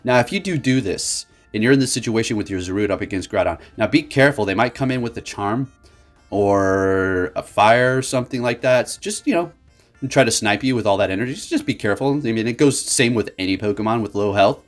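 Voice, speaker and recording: A man giving casual, excitable gameplay commentary for his channel, laughing often and talking to viewers as folks. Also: on the low side, a little fast, faint music behind. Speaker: gaming YouTuber.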